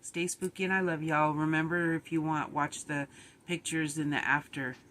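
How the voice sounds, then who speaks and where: A woman's voice: low-pitched, fairly even intonation, normal speed, fairly bright tone, a little hiss or hum. A middle-aged woman, chatting casually and rambling a little on her vlog while sounding tired and run down. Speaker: vlogger.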